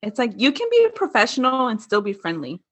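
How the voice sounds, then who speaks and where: A woman's voice: a little high, huge pitch swings, a little fast, a bit bright, slightly rough. A woman casually chatting and recapping episode scenes, swearing freely and mimicking characters. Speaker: podcast co-host recapping a telenovela. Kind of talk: casual chat.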